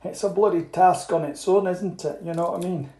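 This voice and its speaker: A man's voice: high-pitched, a little fast, mellow. A man chatting through a home cooking vlog, rambling and cheerful, laughing often and swearing freely. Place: home kitchen. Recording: roomy kitchen echo with faint noise.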